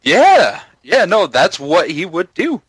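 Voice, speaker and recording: Podcast guy, bright tense tone, slow and lively. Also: high-pitched, breathy edge, no echo, rough recording. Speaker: podcast co-host or guest. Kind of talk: casual chat.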